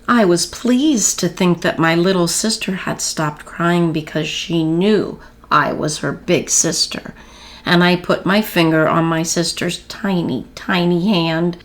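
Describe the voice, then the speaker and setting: Give me a woman reading a children's story aloud, slow and gentle, with a slightly low voice. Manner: gentle, warm storytelling with expressive pauses.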